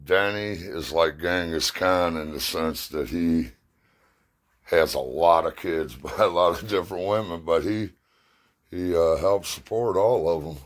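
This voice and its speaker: A man's voice: deep voice, measured pace. A middle-aged man telling rambling, profane stories from his past in casual talk, sounding short of breath. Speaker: storyteller. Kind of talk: casual spoken memories.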